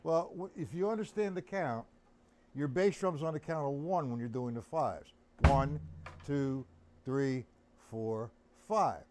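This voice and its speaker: A drum teacher with a somewhat high, expressive voice talks at a moderate pace during a live-streamed lesson, with slight background noise. He counts beats aloud and chats casually with viewers as his loud drum kit and a metronome play behind him.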